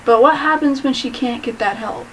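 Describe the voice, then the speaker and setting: Woman, co-host, casual chat, opinionated, chatty, high voice. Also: normal speed, a bit bright, slight background noise, poor audio. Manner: chatty, opinionated, trails off into hedges.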